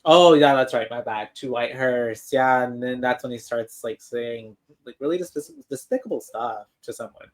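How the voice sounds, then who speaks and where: A man's voice: mid-range voice, moderate pace, few pauses. A man co-hosting a podcast, retelling a movie scene by scene in casual chat, rambling with lots of fillers and restarts. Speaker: podcast co-host.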